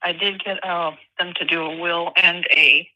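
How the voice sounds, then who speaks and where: An older woman from North Carolina calling in to a show, speaking in a hesitant, halting way. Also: fairly low pitch, steady tone, sharp tone. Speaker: caller. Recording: dull phone line.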